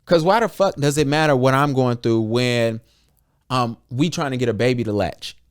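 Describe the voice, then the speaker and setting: A man's voice: mid-range voice, normal speed, smooth. A young adult American man hosting a podcast, talking candidly and bluntly with lots of swearing, acting out conversations in quotes. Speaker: podcast host. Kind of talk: candid casual podcast talk.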